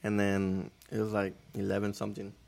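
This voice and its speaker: A man with a low, gravelly voice tells stories in casual podcast chat. His talk is slangy and laced with cursing. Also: completely flat delivery, brisk, a little mellow. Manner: slangy, profane storytelling. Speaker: podcast co-host.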